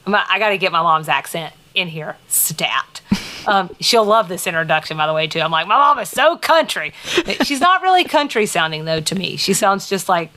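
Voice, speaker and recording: A woman with a light Southern American accent, co-hosting a podcast in casual, rambling chat with quick laughs and playful teasing. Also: on the low side, animated, sharp tone. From Southern United States. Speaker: podcast co-host.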